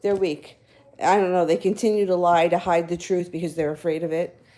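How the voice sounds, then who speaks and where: A woman's voice: on the low side, fairly even intonation, a little fast, warm tone. A woman giving tarot readings on a live stream, talking in a casual, rambling way, correcting herself and chuckling between phrases. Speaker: tarot reader.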